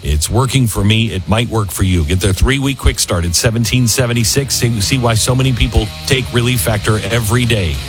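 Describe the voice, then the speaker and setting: A man hosting a talk show, reading promos and an ad in a chatty, halting way with many fillers. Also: fairly low pitch, faint music behind. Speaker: radio host reading ads. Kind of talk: host-read promo and ad.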